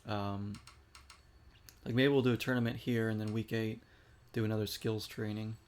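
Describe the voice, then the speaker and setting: A man's voice: fairly low pitch, little pitch movement, moderate pace, a little hiss or hum. A man giving casual, chatty commentary while playing a video game and reacting aloud to each shot. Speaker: gaming streamer.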